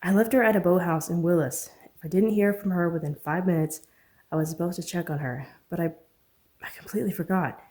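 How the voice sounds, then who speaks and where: A man's voice: sits high, a little fast, darkish tone, lightly acted. A woman reading a young man in an audiobook, urgent and pleading, full of guilt and worry for someone he let down. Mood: guilty. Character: panicked young man, guilt-ridden and protective.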